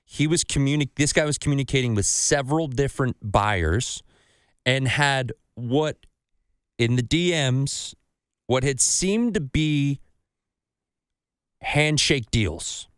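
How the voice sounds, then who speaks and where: A man's voice: medium pitch, takes it slowly, pauses often, clean tone, no room sound, clean studio sound. A man hosting a casual podcast, telling stories with lots of swearing and acting out other people's voices. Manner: animated storytelling, acts out voices of others, swears freely. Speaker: podcast host.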